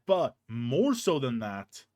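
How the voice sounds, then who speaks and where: A man's voice: mid-range voice, slow pace, dry recording. A young man streaming, ranting casually and profanely with many restarts, in a hot room with a fan on. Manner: animated, profane, rambling with restarts.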